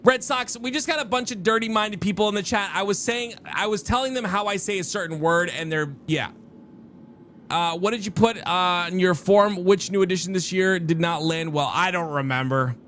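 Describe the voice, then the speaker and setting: A man's voice sits high, with a fairly bright tone at normal speed and slight background noise. He's streaming a game, chatting casually and rambling with viewers while often interrupting himself, over faint background music.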